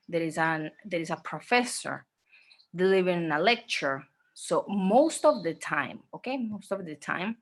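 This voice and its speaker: A woman teaching an online exam-prep class, speaking slowly, repeating herself and often checking in with "okay?". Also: lowish voice, a bit bright. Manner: slow, repetitive, checks in with "okay?".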